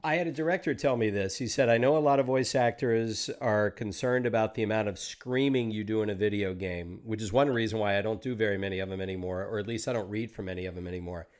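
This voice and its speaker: A man's voice: lowish voice, fairly even intonation, quick pace, hardly any pauses. A man hosting a podcast interview, talking through his ideas thoughtfully and at length. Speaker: podcast host. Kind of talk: casual interview chat.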